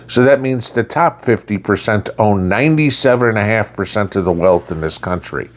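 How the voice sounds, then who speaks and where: A man's voice: lowish voice, normal speed. A middle-aged man with a blunt, lecturing and sarcastic way of talking, delivering a casual opinion monologue as a channel host.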